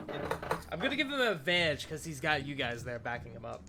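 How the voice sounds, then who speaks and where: A man narrating a tabletop game as game master, relaxed with many fillers. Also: on the high side, fast talker, noisy background.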